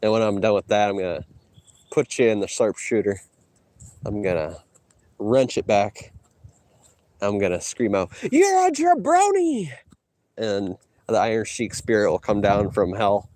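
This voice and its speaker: Brash low-voiced man streaming outdoors. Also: steady tone, normal speed, pauses often, no room sound. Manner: boastful, mocking, loud teasing outbursts. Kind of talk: casual trash talk to chat while hiking. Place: outdoors on a hike.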